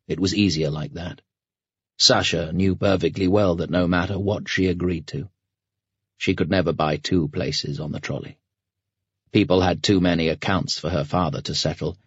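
A man narrating an audiobook in a measured, grave storytelling manner. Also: sits low, fairly even intonation, husky, no room sound, lo-fi sound. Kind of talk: scripted narration.

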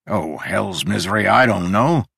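Guy doing a drunk gruff dude, loud and blustery, pretty low voice, dry sound. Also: animated, a little slow, no room sound, heavily acted. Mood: weary curious. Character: drunk, gruff, boastful man sprawled on floor. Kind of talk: audiobook character reading.

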